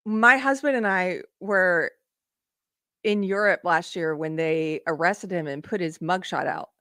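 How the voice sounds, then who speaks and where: A woman's voice: fairly low pitch, unhurried, a bit bright, no room sound, clean studio sound. A middle-aged woman hosting a live political commentary stream, talking casually and sarcastically, often laughing.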